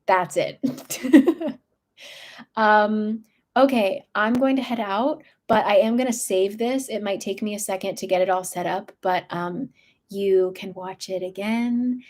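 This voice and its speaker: Slow-talking young woman chatting on a livestream. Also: medium pitch, a little mellow. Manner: chatty, meandering, many fillers. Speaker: book channel host. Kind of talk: casual livestream Q&A chat. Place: her room at home.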